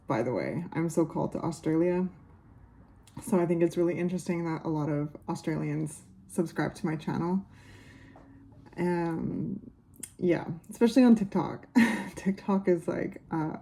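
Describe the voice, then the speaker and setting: A woman giving a casual tarot reading to camera. She muses unhurriedly, uses many fillers and speaks warmly to her viewers. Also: on the low side, gravelly. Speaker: tarot reader.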